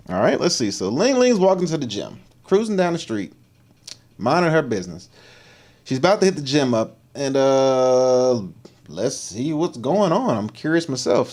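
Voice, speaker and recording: A man hosting a livestream, giving teasing, animated reaction commentary on videos and repeating slang tags. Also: on the high side. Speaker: livestream host.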